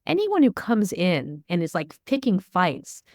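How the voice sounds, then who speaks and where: A woman's voice: fairly low pitch, huge pitch swings, measured pace, a little mellow, no echo, studio quality. A middle-aged woman, a media expert guest, answering interview questions in a candid, storytelling way. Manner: candid, storytelling, acts out dialogue.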